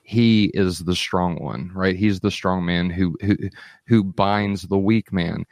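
Deep-voiced earnest male podcast host. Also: takes it slowly, a little mellow, no room sound, studio quality. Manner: earnest, summarizing, affirming. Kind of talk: conversational podcast chat.

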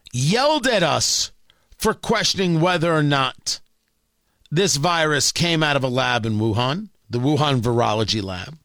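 A man's voice: sits high, pushed and bright, dry recording, studio quality. A man hosting a political talk radio show, delivering a sarcastic, opinionated monologue full of rhetorical questions.

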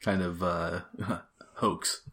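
Lowish, bright-voiced hesitant man. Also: flat delivery. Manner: halting, hesitant with fillers. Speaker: podcast guest. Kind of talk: casual chat.

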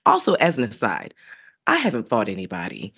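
Co-host, woman, lively swooping delivery, emphatic, casual political chat. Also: very deep voice, fairly quick, husky. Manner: animated, emphatic, quotes people in voices.

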